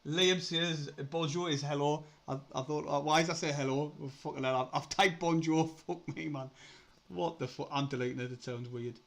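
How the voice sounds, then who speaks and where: A young man with a Sunderland accent, hosting a casual live stream, chatty, laughing often, swearing and getting excitable. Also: fairly high pitch, normal speed, vocal fry. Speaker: livestream host.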